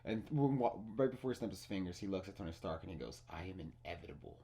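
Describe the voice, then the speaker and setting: A young man hosting a casual podcast, excitedly retelling movie scenes, swearing freely and restarting his sentences. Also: low voice, quick pace, background noise. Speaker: podcast host. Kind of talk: casual spoiler chat.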